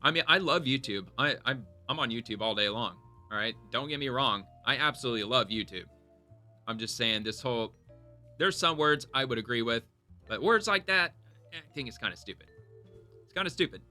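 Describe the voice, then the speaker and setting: A man's voice: mid-range voice, fairly quick, soft background music. A man giving casual political commentary on YouTube, reading posts aloud and going off on profane, rambling tangents. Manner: profane, rambling, animated reactions.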